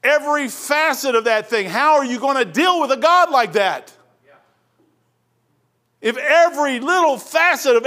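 A high-pitched man preaches with fervor. He shouts his big points and drops low for his quieter asides. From Kentucky. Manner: fervent, swings between shouting and hushed asides. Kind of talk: impassioned preaching.

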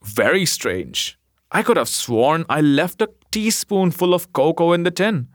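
A man voicing a fussy, stingy gentleman who speaks primly and with quiet suspicion. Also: a little high, animated, measured pace, no echo, studio quality, pitched above the performer's own voice.

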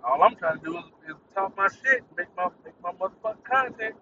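A man's voice: sits high, lively intonation, brisk, sharp tone, distant mic, muffled recording, slight background noise. A man hosting his own podcast, ranting in a rambling, irritated, profane way. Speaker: podcast host. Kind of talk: casual solo rant.

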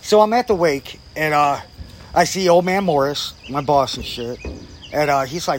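In a casual chat, a man with a fairly high voice speaking at normal speed shares a story as a guest, cursing freely and voicing the people he quotes. Slight background noise can be heard.

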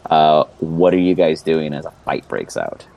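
A man's voice: very deep voice, expressive, normal speed, creaky, warm tone. A man narrating a tabletop game as game master in a loose, rambling way with lots of fillers.

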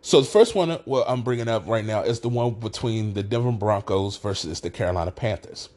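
A man's voice: lowish voice, brisk. A man hosting a podcast, telling a story in a rambling, casual way and restarting his sentences often. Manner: rambling, restarts sentences, animated when retelling. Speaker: podcast host.

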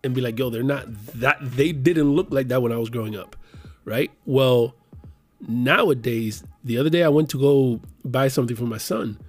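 A man's voice: mid-range voice, moderate pace, faint music behind. A man in his thirties from the Miami area, telling a profane story in casual chat and acting out the voices of the people in it. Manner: profane, animated storyteller who acts out quotes.

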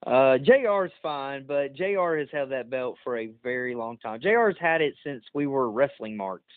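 A man's voice: mid-range voice, moderate pace, dry recording. A man hosting a podcast, telling stories in a casual chat and laughing often. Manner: laughing, animated storytelling. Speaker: podcast host. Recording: tinny phone-like sound.

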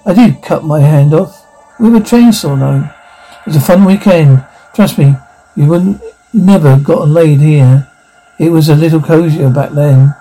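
A gravelly wisecracking monster hunter. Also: male voice, fairly high pitch, unhurried, dark tone, soft background music, low-quality recording. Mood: sardonic. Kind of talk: TV horror-comedy acting.

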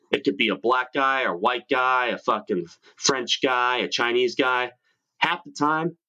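Bright-voiced man, crude casual chat. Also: mid-range voice, lo-fi sound. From New York. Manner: crude, swearing, laughing often. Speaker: podcast host.

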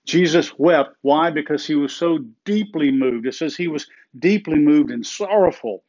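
Casting: middle-aged male pastor, earnest sermon delivery, slightly raised pitch, muffled lo-fi recording. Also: darkish tone. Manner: earnest, slows and repeats phrases for emphasis.

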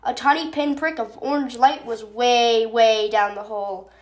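A woman's voice: on the high side, steady tone, a little slow. A woman hosting a podcast, chatting casually and reading her own story aloud with fillers and self-corrections.

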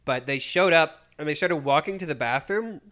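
A man's voice: fairly high pitch, moderate pace, a bit bright. Rambling young podcast co-host, man. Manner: rambling, storytelling. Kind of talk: casual chat.

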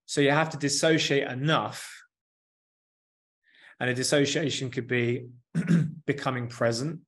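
A man in his thirties with a mid-range voice talks openly and thoughtfully as an interview guest. He drifts through his thoughts in an earnest, unpolished way, often filling with "like" and "you know". His calm, practitioner's tone suggests a therapist or coach. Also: medium pitch. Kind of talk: candid conversational interview.

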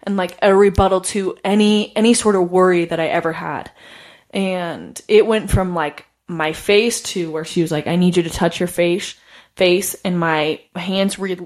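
A woman's voice: on the low side, darkish tone. A woman telling a personal story in a casual, chatty way, filling her sentences with "like" and laughing often. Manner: chatty, heavy use of "like". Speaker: podcast host.

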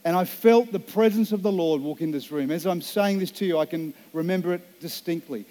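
A pastor delivers a sermon in a mellow, rather high voice. He tells a personal story slowly and earnestly, leaning into each phrase for emphasis.

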